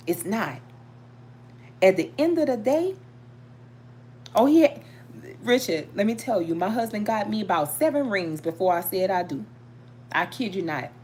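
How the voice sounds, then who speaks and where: A middle-aged woman hosting a casual chat, telling a story in an animated, preachy way. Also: a little hiss or hum. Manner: animated, preachy, emphatic with sudden pitch jumps. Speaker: tarot channel host.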